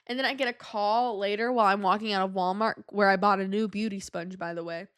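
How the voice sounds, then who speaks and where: A young woman hosting a podcast, telling a story in a chatty, animated way and acting out the voices of people she quotes. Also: mid-range voice, quick pace, clear, resonant tone. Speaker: podcast host. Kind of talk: casual storytelling monologue.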